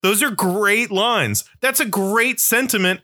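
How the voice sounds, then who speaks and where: A man co-hosting a podcast in casual chat, argumentative and quick to laugh. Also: sits high, bright, forceful tone. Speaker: podcast co-host.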